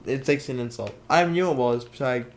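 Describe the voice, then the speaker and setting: A teenage boy, chatting and joking on a casual podcast. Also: brisk. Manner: joking, jumpy pitch. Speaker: podcast host. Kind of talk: casual chat.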